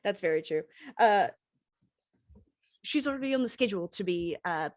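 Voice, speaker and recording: A woman's voice: medium pitch, lively intonation, normal speed. A woman game master narrating a tabletop role-playing game. She talks in a chatty, loose way and often stops to search for words. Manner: chatty, lots of fillers.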